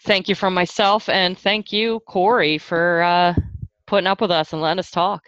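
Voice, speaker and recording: A woman co-hosting a podcast in casual chat, friendly and quick to laugh. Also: fairly low pitch, fairly even intonation, fairly bright tone, no echo, highs cut off. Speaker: podcast co-host.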